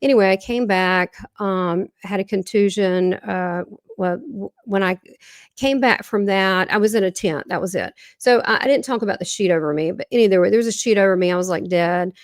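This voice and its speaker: This woman's mid-range voice comes through a dry, clean studio recording at normal speed. A guest medium with a Southern American accent, she describes a near-death experience earnestly but ramblingly, often restarting what she's saying.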